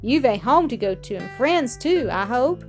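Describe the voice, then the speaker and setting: A woman voicing a thin little old man who speaks gently and wryly. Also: a little high, very animated, moderate pace, soft background music. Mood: gentle.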